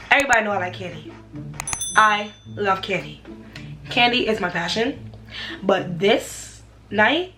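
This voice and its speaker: A young woman, telling a personal story for her vlog in an animated, slangy way. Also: medium pitch. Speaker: vlogger.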